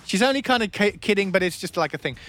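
A man's voice: sits high, animated, quick pace, fairly bright tone. A man hosting a comedy radio show, telling a rambling story and teasing his guest. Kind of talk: casual comedy radio banter.

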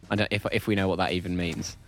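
A man co-hosting a casual comedic radio chat, making dry, wry jokes. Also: low voice. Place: radio studio.

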